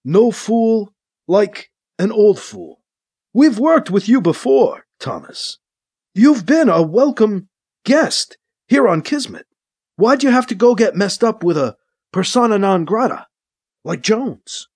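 A man voicing a mocking male gang boss who taunts in a slow drawl. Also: high-pitched, lively intonation, a little mellow, breathy edge, heavily acted. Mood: taunting.

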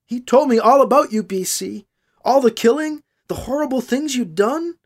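A woman's voice: animated, normal speed. Narrator doing an unhinged accusing woman. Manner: accusing, shrill and quavering. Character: unhinged bitter woman confronting a man.

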